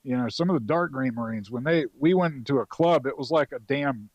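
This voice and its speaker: A man's voice: medium pitch, a little fast, no echo. A man around forty from North Carolina, a Marine veteran guest telling stories in a loose, profane way with lots of fillers. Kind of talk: casual storytelling.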